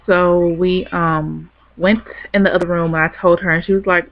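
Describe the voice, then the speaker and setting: A woman's voice: on the low side, flat delivery, normal speed, few pauses. Chatty young woman, lo-fi webcam sound. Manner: chatty, rambling, laughs easily. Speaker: vlogger. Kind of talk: casual storytelling to camera. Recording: dull lo-fi webcam audio.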